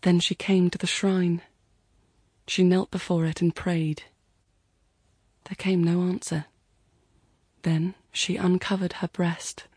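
Slow, breathy woman storyteller. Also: on the low side, level tone, darkish tone, dry recording, clean studio sound. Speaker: reader. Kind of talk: scripted story narration.

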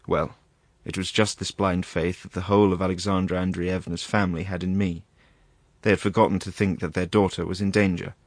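A man's voice: sits low, flat delivery, fairly quick, no room sound. A man reading the part of a rambling, embarrassed country doctor, hesitant and full of asides. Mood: rueful. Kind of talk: audiobook reading.

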